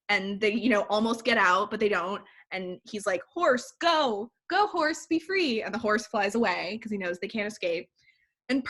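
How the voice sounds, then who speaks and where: A woman in casual conversation, animatedly retelling a film plot full of "like" fillers. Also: mid-range voice. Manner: animated storytelling, recapping a movie with filler "like". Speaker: podcast co-host. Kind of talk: casual chat.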